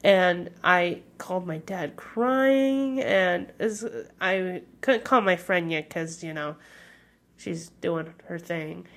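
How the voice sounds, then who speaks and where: A woman's voice: lowish voice, takes it slowly, fairly bright tone. A young woman hosting her own podcast in casual solo talk, hesitant and candid, with many fillers. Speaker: podcast host.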